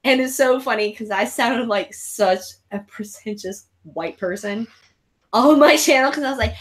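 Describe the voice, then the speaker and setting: A woman hosting a live casual chat, telling rambling, excitable stories. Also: on the high side, moderate pace. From raised abroad in military families. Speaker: host of a live horror chat show.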